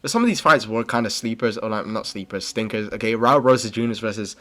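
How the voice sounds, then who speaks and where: This young MMA channel host talks fast in a fairly low, expressive, bright and forceful voice while casually going over fights. He's blunt and opinionated, rambling with plenty of slang and nonstop "bro" and "okay."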